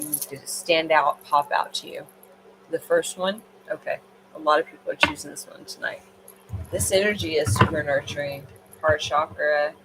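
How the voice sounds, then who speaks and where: Woman card reader, late-night tired, rambling with fillers; noisy livestream audio. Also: low voice. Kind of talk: casual livestream card reading.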